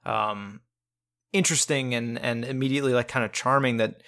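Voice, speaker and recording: A man's voice: mid-range voice, steady tone, moderate pace, a bit bright. A man co-hosting a casual film review podcast, talking in a rambling way with many restarts and fillers. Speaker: podcast co-host.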